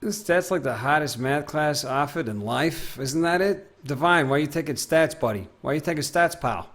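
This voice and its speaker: A man in his twenties with a gravelly, somewhat high voice rambles through a laid-back gaming stream. He reads chat aloud and drops into goofy sing-song bits, and his pitch swings widely from line to line. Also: animated, normal speed, fairly bright tone. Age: 20s. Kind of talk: casual live-stream chat while gaming.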